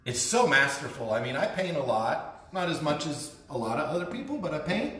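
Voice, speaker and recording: A man's voice: fairly high pitch, very animated, a little fast, fairly bright tone, soft background music. A man casually giving a live-stream gallery tour, chatty and enthusiastic about the art. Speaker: gallery host. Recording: echoey room with faint noise.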